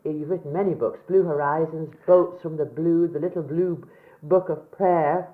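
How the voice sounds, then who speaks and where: A woman's voice: sits low, steady tone, moderate pace, phone-quality sound. A woman hosting a radio interview, asking questions and laughing along with her guest. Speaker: radio host.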